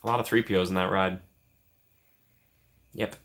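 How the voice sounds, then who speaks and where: A man's voice: sits low, steady tone, moderate pace, gravelly, a bit bright. A man hosting a casual live stream, joking around and thanking his chat. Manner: jokey, thanks chat often, trails off into asides.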